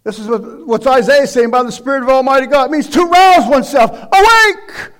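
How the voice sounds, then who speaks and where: Loud, high-voiced preaching man. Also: quick pace. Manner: loud, emphatic preaching with shouted exhortations and quiet asides. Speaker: pastor. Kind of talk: sermon.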